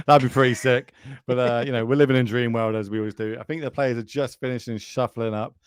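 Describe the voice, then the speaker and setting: A man's voice: medium pitch, steady tone, fast talker, clean tone, no room sound, clean studio sound. Chatty British man commentating. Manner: chatty and jokey, addressing viewers directly. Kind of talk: live card game commentary.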